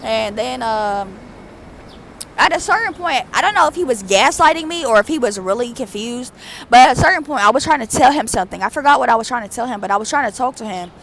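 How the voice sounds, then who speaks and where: Young adult woman, vlogger, casual storytelling, rambling, fairly high voice. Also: fast talker, slight background noise. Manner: rambling, animated, with many fillers.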